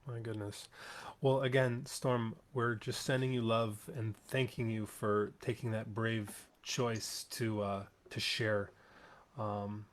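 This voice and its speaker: Halting earnest male host. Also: fairly low pitch, flat delivery. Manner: halting, earnest, many fillers. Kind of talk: hosting an online song swap.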